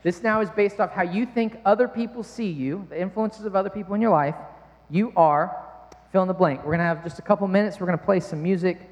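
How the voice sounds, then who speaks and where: A man's voice: high voice, quick pace, lo-fi sound. A man preaching a sermon in church, talking in a conversational way with playful asides. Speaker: pastor. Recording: long reverb of a large hall.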